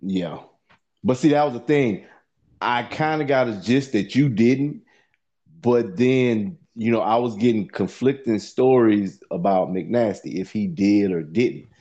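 A man's voice: on the low side, measured pace, warm tone, highs cut off. Rambling, profane man telling a story. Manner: profane, rambling, repeats "you know what I'm saying". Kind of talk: casual storytelling.

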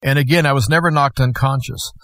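A man as guest host, slowly and earnestly telling a personal story. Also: mid-range voice, fairly even intonation, a bit bright, no echo. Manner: earnest, slow and measured storytelling. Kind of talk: personal testimony.

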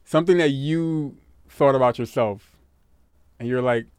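Man, casual couple chat, mid-pitched, rambling and repetitive, dry sound. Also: a little slow, a little mellow, clear, resonant tone, no room sound. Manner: rambling, repeats words, laughs often.

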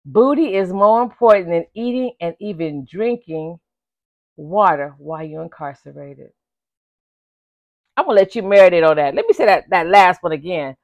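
A woman in her forties chatting casually to her viewers in an animated, talkative way, calling them "baby" and "y'all", her voice getting a little hoarse. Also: fairly low pitch, moderate pace, dry recording. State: voice giving out, slightly hoarse. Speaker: vlogger. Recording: dull lo-fi dry recording.

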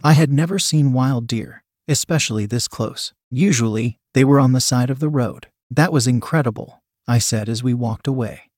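A man's voice: medium pitch, normal speed, few pauses, a little mellow, no room sound, clean studio sound. A man reading a first-person story aloud in a casual, wry storytelling manner. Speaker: narrator.

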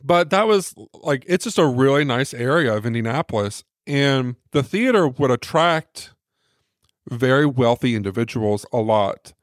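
Man, podcast co-host, casual storytelling, acts out quotes, mid-pitched voice, dry close sound. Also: lively intonation, normal speed, no room sound. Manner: rambling anecdote with acted-out quotes.

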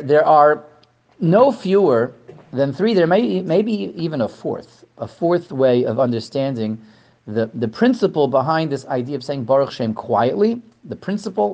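A man giving a Torah lesson to a class, animated, asking questions and often repeating words. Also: on the high side, dull audio. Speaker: Torah teacher. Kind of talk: lecture to a class.

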